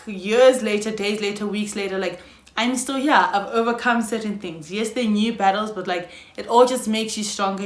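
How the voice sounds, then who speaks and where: Frank South African woman vlogging. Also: medium pitch. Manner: frank, emphatic, swears freely, laughs often. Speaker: YouTuber. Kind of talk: candid personal vlog monologue. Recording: roomy echo.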